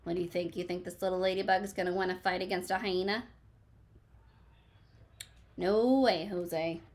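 A woman's voice: fairly low pitch, steady tone, normal speed, a little mellow. A woman teacher reading a picture book aloud to a class, asking questions and encouraging children by name.

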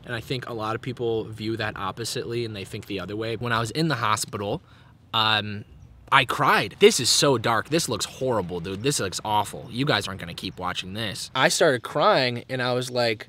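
A man's voice: mid-range voice, brisk, sharp tone, slight background noise. A man in his twenties, vlogging outdoors in a park and talking candidly and profanely in a casual reflective monologue. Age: 20s.

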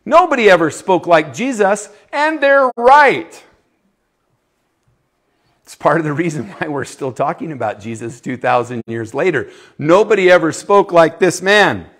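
A man preaching a sermon to a youth group. He talks emphatically, asks his listeners questions, and swings from loud declarations to hushed lines. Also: on the high side, big pitch swings, measured pace.

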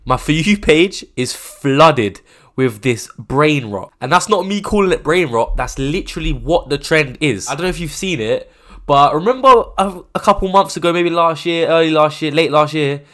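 A man in his twenties hosting a casual reaction video, animated, rambling and self-mocking. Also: fairly high pitch, moderate pace. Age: 20s. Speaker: host.

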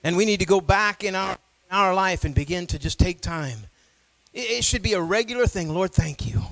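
A man preaching a sermon as pastor, swinging between quiet low talk and loud shouting, with call-and-response asides to the congregation. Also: brisk, low-quality recording.

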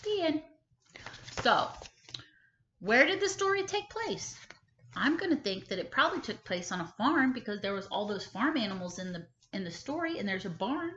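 A woman kindergarten teacher reading a picture book aloud, expressive and stopping to ask the children questions. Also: fairly high pitch, moderate pace, a little hiss or hum. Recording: echoey room, slightly dull sound.

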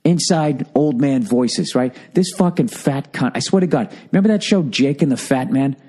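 A man's voice: medium pitch, normal speed, dark tone, breathy edge. A middle-aged man telling a comic story on his podcast, ranting and profane, mocking himself along the way. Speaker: podcast host. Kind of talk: comedic storytelling monologue.

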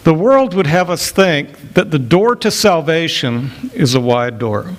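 A man's voice: on the high side, animated, a little slow. A middle-aged male pastor preaching an expository sermon, rising to emphatic peaks when he quotes scripture.

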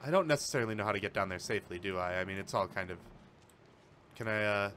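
A man streaming a game, commenting live, swearing often and breaking into panicked yells and laughter at a computer. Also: lowish voice, animated, fast talker, a little hiss or hum. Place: at a computer, keyboard and mouse.

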